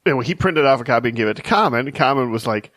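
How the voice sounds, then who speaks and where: Middle-aged male co-host, chatty and giggly, middle pitch, close dry sound. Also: expressive, a bit bright, no echo. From Minnesota. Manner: quick to laugh, chatty, repeats words. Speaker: podcast co-host. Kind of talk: casual sports podcast chat.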